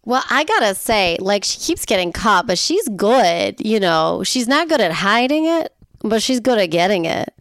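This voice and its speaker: A woman co-hosting a podcast, reacting with jokes and expressive asides in casual chat. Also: mid-range voice, normal speed, dry recording, studio quality. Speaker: podcast co-host.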